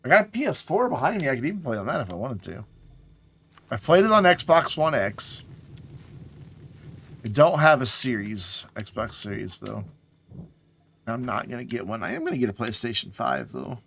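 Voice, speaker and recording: A man's voice: mid-range voice, lively intonation, moderate pace, creaky, long pauses, fairly bright tone, breathy edge. A man casually chatting to his viewers while playing a game on a live stream, sounding tired and yawning. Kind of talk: casual live gameplay chat.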